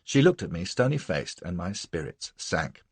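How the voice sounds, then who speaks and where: Brash male audiobook narrator, first-person, lowish and husky. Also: moderate pace, no echo. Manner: brash, boastful and lively.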